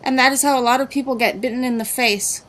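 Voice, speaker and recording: A woman's voice: high voice, fairly even intonation, fast, a bit bright. A woman dog trainer doing plain explanatory voice-over narration for a lesson.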